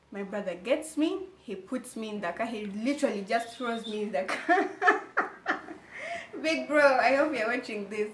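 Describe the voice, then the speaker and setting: A young woman telling a personal story to her viewers in an animated, emphatic way. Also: medium pitch. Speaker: vlogger. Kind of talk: casual storytelling to camera. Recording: echoey room, faint background noise.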